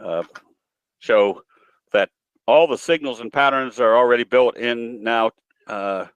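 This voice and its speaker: A man's voice: medium pitch, measured pace, clean tone, dry recording, lo-fi sound. A man giving a trading webinar presentation in a folksy, storytelling way, with some hesitations. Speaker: guest presenter, trading educator.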